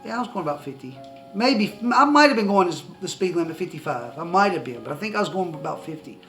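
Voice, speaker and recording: A man telling a personal testimony story to the camera, excitable and rambling with many restarts. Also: high voice, quick pace, faint music behind, low-quality recording. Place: indoors, seated facing the camera.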